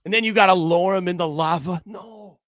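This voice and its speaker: A man co-hosting a casual podcast chat, quick-witted and teasing, swearing casually. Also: sits high, a bit bright, dry recording, clean studio sound.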